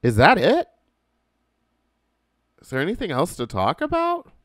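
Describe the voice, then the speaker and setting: A man hosting a podcast, delivering a casual comedic monologue with profane ranting and sudden shouted outbursts. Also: high voice, wildly swooping pitch, a little slow, no echo, studio quality. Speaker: podcast host.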